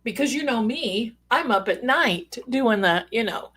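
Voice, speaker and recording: A woman's voice: on the high side, animated, unhurried, fairly bright tone, slightly rough. A woman hosting a live stream in casual chat, a chatty, rambling storyteller with playful asides who calls her viewers pet names.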